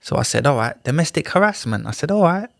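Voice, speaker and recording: A man's voice: mid-range voice, quick pace, creaky, no room sound, studio quality. A man, a podcast guest telling a personal story in a casual, slang-heavy way and acting out the other people's lines. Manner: animated, slangy retelling with acted-out dialogue. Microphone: studio podcast mic.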